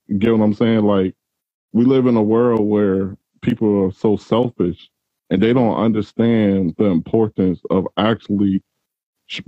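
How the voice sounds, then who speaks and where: A man's voice: on the low side, dry recording, dull audio. A male host who speaks in a reflective, encouraging way and asks probing questions. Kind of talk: interview, motivational talk.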